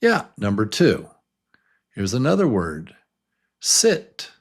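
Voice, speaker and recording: Slow, patient man teaching English sounds. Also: medium pitch, sing-song, gravelly. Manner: slow, patient, encouraging drills. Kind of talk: beginner pronunciation lesson.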